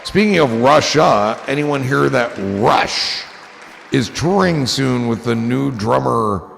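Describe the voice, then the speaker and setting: Gravelly-voiced man rambling on a stream. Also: mid-range voice, animated, takes it slowly, fairly bright tone, long reverb tail, soft background music. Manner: rambling, goofy and profane. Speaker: livestream host. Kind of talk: casual livestream chat.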